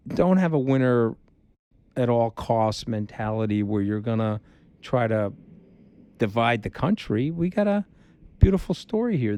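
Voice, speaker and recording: A middle-aged man as a podcast guest, talking bluntly and emphatically, repeating his points and acting out quotes. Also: medium pitch. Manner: animated storyteller who acts out quotes. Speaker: interview guest. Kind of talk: candid podcast conversation.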